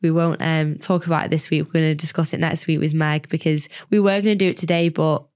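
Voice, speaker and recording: Woman podcast co-host, lowish, husky and hoarse, chatty and giggly. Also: little pitch movement, fast talker, a little mellow. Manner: chatty, laughs often, rambling restarts. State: hoarse, unwell. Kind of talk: casual chat.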